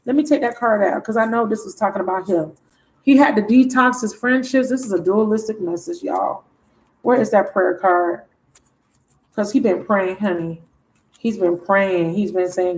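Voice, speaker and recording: Goofy, exclamatory woman. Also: a little high. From Broward County, Florida. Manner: goofy, exclamatory, chatty and playful. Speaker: tarot reader. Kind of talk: live tarot reading with viewer shout-outs.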